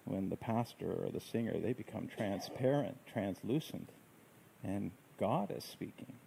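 A man preaching a sermon in a gentle, reflective way, with unhurried phrasing. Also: on the low side, animated, vocal fry, slight background noise, rough recording. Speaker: pastor.

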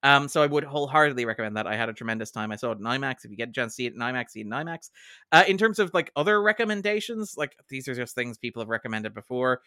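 A man co-hosting a podcast, his bright, sharp voice rising and falling a lot as he chats with enthusiasm. He laughs often and leans on fillers. The sound is dry and close, with no room echo. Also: medium pitch, lively intonation, racing. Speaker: podcast co-host. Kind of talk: casual chat.

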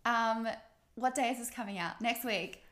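A woman's voice: fairly high pitch, normal speed, very noisy. Aussie woman cohost, earnest, affirming, swears casually, roomy echo. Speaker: podcast co-host. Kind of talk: casual chat.

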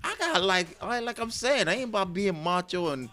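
A man chatting casually as a podcast co-host, animated and laughing often as he acts out voices in his stories. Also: high-pitched, fairly quick. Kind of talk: casual chat.

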